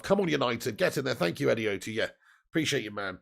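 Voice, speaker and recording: Gravelly man chatting on a stream. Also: medium pitch, lively intonation, quick pace. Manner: chatty, laughs often, swears casually. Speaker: football watch-along streamer reading live chat. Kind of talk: casual live-stream chat.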